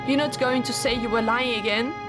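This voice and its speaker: A woman's voice: fairly even intonation, brisk, loud music behind the voice, lightly acted. A woman reading a visual novel aloud, voicing a tearful, relieved young woman in love in a raised, emotional voice. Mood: pleading. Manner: high, pleading and emotional.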